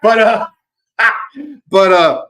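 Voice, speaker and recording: Guy on a live show, cussing, telling folksy stories, voice a little high. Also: expressive, extremely slow, sharp tone. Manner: folksy storyteller, swears freely. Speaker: podcast host and author. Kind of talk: casual live-stream chat.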